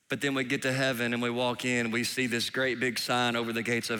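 A male preacher delivering a sermon, animated and emphatic, dropping now and then into soft, hushed asides. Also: mid-range voice, brisk, hardly any pauses, clean tone.

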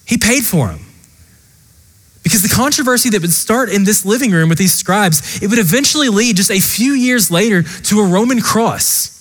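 A man's voice: high-pitched, animated, normal speed, fairly bright tone, long reverb tail. A man preaching a sermon as pastor, earnest and impassioned, speaking straight to the congregation. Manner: earnest, impassioned preaching with repeated direct address.

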